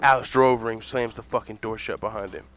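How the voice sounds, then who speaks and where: A man telling a comic fantasy story in an animated, profane way, laughing often. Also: fairly low pitch, fast, music in the background.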